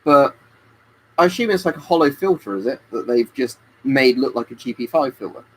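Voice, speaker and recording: A man's voice: medium pitch, expressive, fairly quick, husky, poor audio. A man chatting casually on a webcam live stream, rambling and answering viewers by name. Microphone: webcam stream mic.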